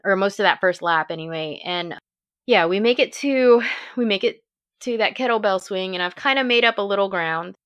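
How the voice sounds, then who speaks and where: A woman telling a race story in casual chat, animated and laughing often. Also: medium pitch, moderate pace, clear, resonant tone. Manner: animated storyteller, laughs often, acts out her own thoughts. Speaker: race participant recounting her race.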